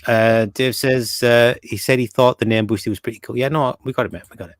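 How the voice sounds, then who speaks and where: A man's voice: medium pitch, fairly even intonation, brisk, no echo. A man hosting a casual podcast, reading viewer comments aloud and talking with many fillers and restarts. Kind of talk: casual chat.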